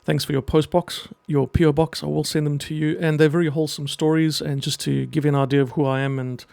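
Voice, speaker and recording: A middle-aged man speaking earnestly and emotionally in a personal message to camera, pausing often as he talks. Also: a little high, little pitch movement, creaky, darkish tone, no echo. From half Greek. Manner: earnest, halting, emotional, with pauses. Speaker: vlogger and children's book writer.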